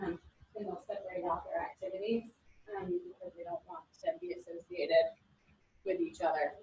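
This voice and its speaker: High-voiced woman lecturing in an echoey classroom. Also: fairly quick, highs cut off, a little hiss or hum. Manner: animated, storytelling with quoted voices. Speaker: instructor. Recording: echoey room from a distance.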